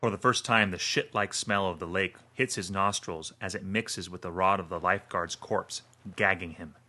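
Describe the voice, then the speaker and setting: A man reading a horror story aloud in a steady, measured way. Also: low-pitched. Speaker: narrator. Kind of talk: scripted horror narration.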